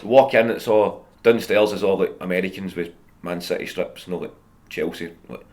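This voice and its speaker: Against a noisy background, a Scottish man in his thirties speaks fairly quickly in a lowish voice. He's a comedian guest, chatting casually and spinning stories with plenty of laughter.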